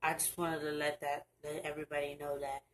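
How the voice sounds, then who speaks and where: A young woman talking earnestly to her camera in a casual advice vlog, halting and restarting her sentences. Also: low voice, little pitch movement, a little hiss or hum, rough recording. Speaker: vlogger. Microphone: camera mic, looking down at screen.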